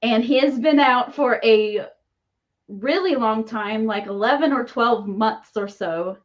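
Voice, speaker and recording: A woman co-hosting a casual wrestling chat, easygoing and quick to laugh. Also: fairly high pitch, highs cut off. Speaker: co-host.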